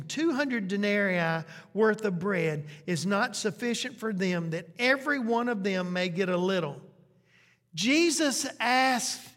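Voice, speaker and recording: Slow, high-voiced preacher in a reverberant hall. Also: male voice, a bit bright. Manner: preaching with questions to the congregation. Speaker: pastor. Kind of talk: sermon.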